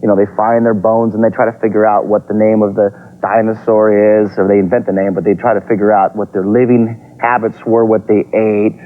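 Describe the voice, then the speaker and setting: A man hosting a TV drawing lesson for children, talking upbeat and encouraging as he sketches step by step. Heard from a dull, lo-fi copy of a TV broadcast. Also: on the low side. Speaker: TV drawing teacher and host.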